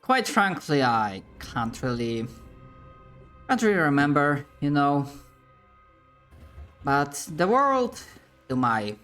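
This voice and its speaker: A man's voice: a little high, fairly bright tone, heavily acted. A man voicing a talking male eagle with a Southern US accent, folksy and rambling.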